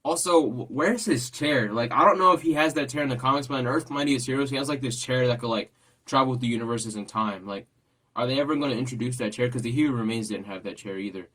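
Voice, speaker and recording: A man's voice: mid-range voice, fast, sharp tone. Rambling man reacting casually. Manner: rambling, repeats himself, thinks aloud. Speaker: host reacting to a trailer. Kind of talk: casual chat.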